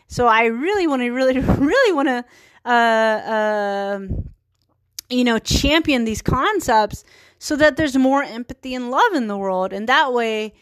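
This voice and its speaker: A woman in her thirties hosts her own podcast, chatting earnestly and giggling at her own asides. Her voice sits a little high. The sound is close and dry, with no room around it. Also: no echo. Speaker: podcast host. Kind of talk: casual solo podcast monologue.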